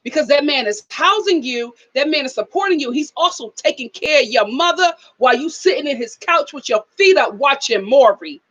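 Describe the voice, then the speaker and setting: A woman's voice: sits high, animated, brisk, hardly any pauses, fairly bright tone, highs cut off. A woman hosting a live reality-TV review in a casual chat style, sassy and emphatic, scolding the people she discusses. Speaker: show host.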